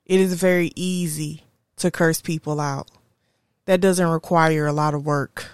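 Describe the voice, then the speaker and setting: A woman speaks in a low, unhurried voice, pausing to think as she shares something personal. The sound is close and dry, with no room around her. She is candid and reflective as she hosts her own podcast. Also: steady tone, clean tone, dry recording. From Houston, Texas area. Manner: slow, reflective, candid storytelling. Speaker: podcast host. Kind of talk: personal monologue.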